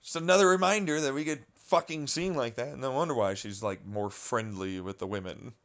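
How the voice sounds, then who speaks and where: A man in the middle of a loose vlog rant, his voice sitting at an ordinary middle pitch. He rambles and doubles back, swears constantly, and sounds worn out with the whole subject. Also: a little fast, a bit bright. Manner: rambling, profane, exasperated. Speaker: vlogger. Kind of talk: casual rant commentary.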